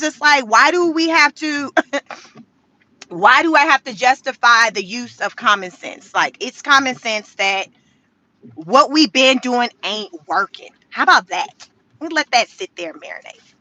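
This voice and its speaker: A woman hosting casual political commentary, animated and laughing often, talking straight to her viewers. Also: high voice, unhurried, dry recording, rough recording.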